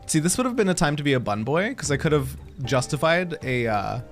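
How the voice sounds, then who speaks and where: A man's voice: fairly high pitch, fairly quick, soft background music. Playful young male streamer. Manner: playful, joking, easily excited. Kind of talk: casual gameplay commentary.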